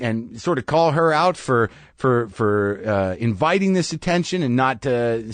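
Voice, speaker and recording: Into a studio mic, a middle-aged podcast host tells a wry, profane story in a dry, close voice with no room sound at all. He keeps it casual but breaks into sudden high yelps to mock people.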